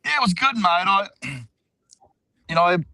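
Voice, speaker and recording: A man's voice: sits high, sing-song, unhurried, pushed and bright, dry recording, poor audio. A man with an Australian accent chatting laid-back and rambling on a video call while out walking. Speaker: regular guest. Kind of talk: casual video call chat. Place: outdoors, walking.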